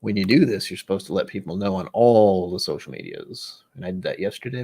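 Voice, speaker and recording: A man hosting a relaxed livestream, talking in a fairly low voice. He rambles good-naturedly and pokes fun at himself, often dropping to a mutter as he talks to himself. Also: fast talker, gravelly, hardly any pauses, husky. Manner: rambling and self-deprecating, muttering asides to himself. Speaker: livestream host. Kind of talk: casual livestream chat.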